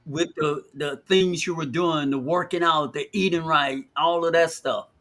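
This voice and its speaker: A man's voice: on the high side, fairly even intonation, a little slow, fairly bright tone. A man co-hosting a live discussion show, stressing his words with emphasis. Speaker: co-host of a live talk show.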